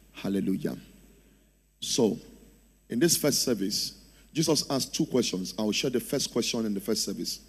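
A man preaching to his congregation. His voice sits low and a little husky. He keeps asking the room to answer him and repeat his words. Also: a little mellow. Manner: preaching, urging the congregation to respond. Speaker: pastor. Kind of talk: sermon with call-and-response. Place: church service.

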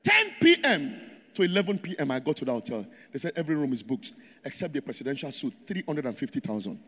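A man's voice: a little high, sing-song, fast, fairly bright tone. A Nigerian man preaching a sermon to a congregation in a church auditorium, drawing call-and-response from the crowd. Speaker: pastor. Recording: long hall reverb.

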